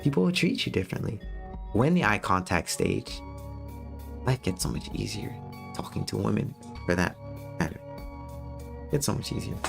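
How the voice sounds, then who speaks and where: An American man talks straight at his viewers in a casual livestream, blunt and profane as he lectures. His pitch swings up and down a lot as he talks. A little music plays quietly behind him. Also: big pitch swings, moderate pace, gravelly, pauses often. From United States. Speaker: streamer giving dating advice.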